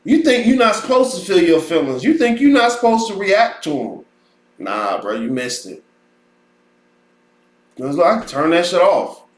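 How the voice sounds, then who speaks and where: A blunt, profane man hosts a casual podcast rant with a high-pitched voice that swings widely. He mocks other people's voices as he goes. His voice rings with a roomy echo. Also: big pitch swings, brisk, hardly any pauses. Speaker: podcast host. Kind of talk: ranting casual talk.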